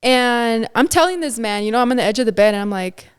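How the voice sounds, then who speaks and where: A woman's voice: fairly high pitch, fast talker, clean tone. Chatty young woman telling a story. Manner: animated, acts out quotes, many "like"s. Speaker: podcast guest. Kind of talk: casual chat, storytelling.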